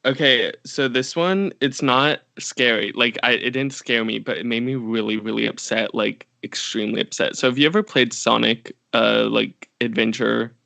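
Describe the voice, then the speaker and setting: A man's voice: medium pitch, steady tone, moderate pace, vocal fry, hardly any pauses, pushed and bright, dry recording. A young man co-hosting a podcast, telling rambling stories full of fillers. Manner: rambling storyteller, many fillers. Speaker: podcast co-host. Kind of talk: casual chat.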